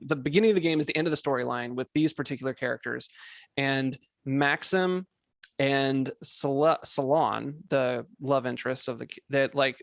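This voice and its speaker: A man's voice: medium pitch, creaky, fairly bright tone, no echo, studio quality. A man hosting a podcast, chatting casually in a rambling, emphatic way, swearing and tripping over words. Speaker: podcast host. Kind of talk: casual chat.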